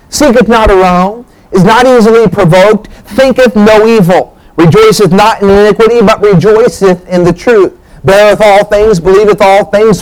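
Male pastor, high voice, folksy sermon delivery with many fillers, rising to emphatic preaching. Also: rough recording.

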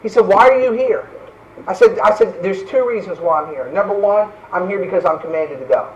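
A man's voice: sits high, fairly quick, recorded from a distance, dull audio. A man preaching a fervent sermon as pastor, often tossing in "right?" asides.

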